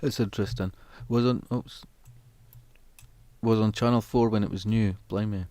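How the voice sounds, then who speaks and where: A man's voice: fairly low pitch, steady tone, moderate pace, warm tone, dry recording. A man chatting casually to his livestream audience, rambling and meandering as he stops and restarts his thoughts. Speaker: music livestreamer. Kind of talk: casual chat to a stream audience.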